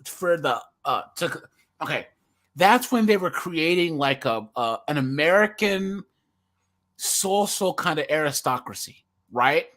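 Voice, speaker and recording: A young man with a West Coast Californian accent holds forth in casual podcast chat. His voice sits a little high and rings bright. He rambles, restarting sentences and stacking repeated words as he goes. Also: animated, measured pace. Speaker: podcast co-host.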